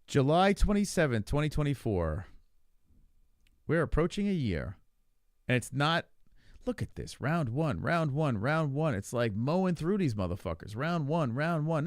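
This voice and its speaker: Brief: podcast co-host, man, lively pitch, swears often, dry close sound. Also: measured pace, dry recording. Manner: animated, profane, rambling. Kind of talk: casual chat about fights.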